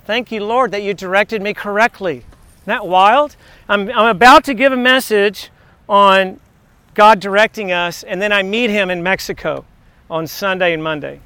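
Excitable high-voiced man telling faith stories. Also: smooth, no echo. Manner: excitable, chatty, digressive. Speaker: teacher giving a devotional message. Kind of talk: rambling faith storytelling to a class.

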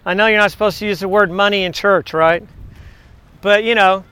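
Guy preaching in a chatty storytelling way, dry close sound, bright tone. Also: high voice, fairly even intonation, brisk, clear, resonant tone, dry recording. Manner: conversational preaching with storytelling and rhetorical questions. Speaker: pastor. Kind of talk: sermon.

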